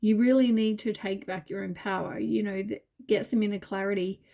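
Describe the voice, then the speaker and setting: A tired woman reads tarot cards in a loose, rambling way, full of fillers and gentle reassurance. Her voice is mellow and soft at a middle pitch, and she sounds worn out. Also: steady tone, fairly quick, creaky. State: tired, yawning. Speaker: tarot reader. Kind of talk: casual tarot reading.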